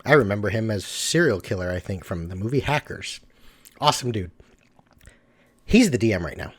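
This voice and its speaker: A man's voice: fairly low pitch, very animated, moderate pace, slightly rough. A middle-aged man commenting on a tabletop game clip in a casual, emphatic way, repeating his advice.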